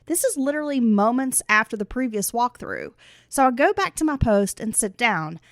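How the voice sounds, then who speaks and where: A woman's voice: on the high side, very animated, normal speed, no room sound, studio quality. A woman co-hosting a podcast, reading listener stories aloud and chatting in a teasing, laughing way. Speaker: podcast co-host.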